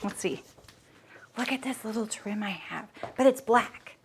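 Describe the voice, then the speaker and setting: A woman's voice: medium pitch, measured pace, slight background noise. A woman in a medium voice hosts a sewing livestream, chatting casually as she works. She thinks aloud and laughs easily, talking to her viewers between tasks. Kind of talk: casual chat while sewing.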